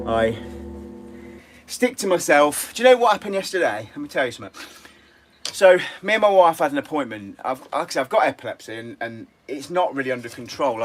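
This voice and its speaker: A man's voice: fairly high pitch, slight background noise. A middle-aged English man with an English accent, rambling and restless as he chats casually to viewers on a woodworking live stream. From England.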